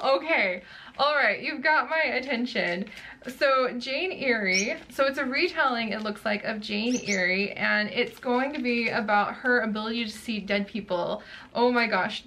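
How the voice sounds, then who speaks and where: A young adult woman chatting casually through a book box unboxing, gushing and quick to exclaim over each item. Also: a little high, pushed and bright, a little hiss or hum.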